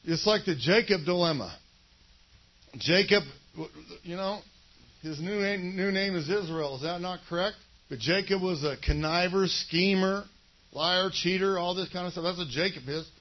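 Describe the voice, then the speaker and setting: A husky-voiced man preaching a sermon to a small congregation, leading call-and-response and making chatty asides to listeners. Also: high voice, moderate pace, dull audio. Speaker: pastor.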